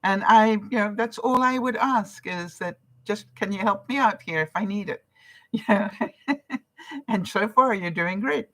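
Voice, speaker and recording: A woman's voice: medium pitch, unhurried, a bit bright. Woman, older, from Canada, vlogger, casual live-stream chat, encouraging, chatty. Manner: chatty and encouraging, with frequent laughs.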